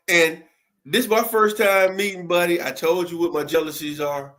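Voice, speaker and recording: A man's voice: sits high, fairly even intonation, normal speed, fairly bright tone. Guest co-host, male, emphatic slangy joker; faint background noise. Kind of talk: casual panel chat.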